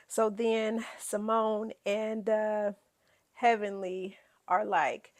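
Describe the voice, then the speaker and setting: A woman hosting a casual reality TV recap, sassy and animated, laughing often as she dishes gossip. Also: medium pitch, slow pace.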